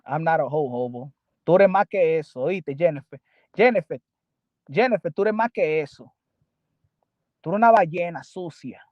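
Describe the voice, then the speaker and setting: Heated high-voiced host. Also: male voice, animated, normal speed, pauses often, no echo, highs cut off. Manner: heated, mocking, switching between English and Spanish. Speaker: boxing channel host. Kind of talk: livestream commentary answering chat.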